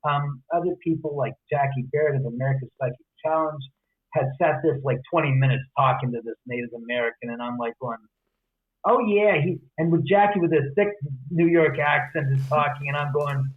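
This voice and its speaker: A man, the guest and an author, telling stories in a casual interview, animated and acting out the voices of the people in them. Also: medium pitch, brisk. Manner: animated, acts out quotes. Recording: tinny phone line.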